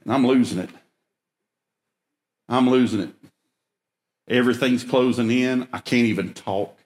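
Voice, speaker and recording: A man's voice: medium pitch, unhurried, darkish tone. A man preaching through a folksy, self-mocking story, with emphatic bursts. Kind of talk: storytelling sermon. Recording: echoey room.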